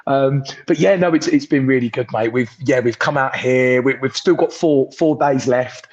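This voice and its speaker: A young man chatting casually as a podcast guest on a video call, telling stories excitedly and acting out the voices of the people in them. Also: mid-range voice, normal speed. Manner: excitable storyteller, acts out voices. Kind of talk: casual chat. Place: holiday resort, on a sunbed. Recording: dull lo-fi call audio.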